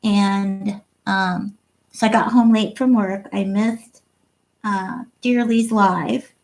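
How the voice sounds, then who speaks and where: A woman's voice: mid-range voice, steady tone, slow, vocal fry, darkish tone, low-quality recording. A woman hosting a casual livestream chat, reading viewer comments aloud and laughing often. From Ohio. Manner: chatty, giggly, reads comments aloud. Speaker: livestream host.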